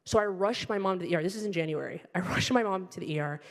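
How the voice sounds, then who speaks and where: A middle-aged woman telling stand-up stories in an animated, wry, self-mocking way on a comedy stage. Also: on the low side, rapid-fire. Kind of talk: stand-up storytelling. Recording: stage mic with hall reverb.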